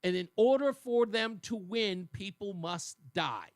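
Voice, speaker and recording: A talk radio host delivers an emphatic, argumentative opinion monologue at an unhurried pace, his volume swinging between loud and low. The recording is dry, with clean studio sound.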